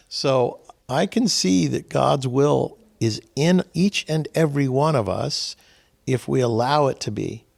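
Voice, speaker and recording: A man's voice: mid-range voice, creaky, darkish tone. A man hosting a spiritual gathering, giving a folksy, sermon-style talk full of sayings and little acted-out quotes. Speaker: host leading a spiritual gathering.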